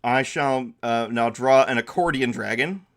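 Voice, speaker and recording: A man's voice: mid-range voice, measured pace, a bit bright. A man acting as game master and streamer, narrating a tabletop game and thinking aloud as he draws. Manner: casual, thinking aloud while drawing.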